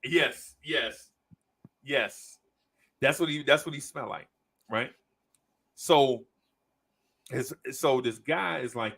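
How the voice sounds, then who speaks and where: A man's voice: mid-range voice, moderate pace, gravelly, long pauses. A man on a podcast telling a long story in casual chat, acting out the people in it. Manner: animated storyteller, acts out quoted voices. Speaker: podcast host.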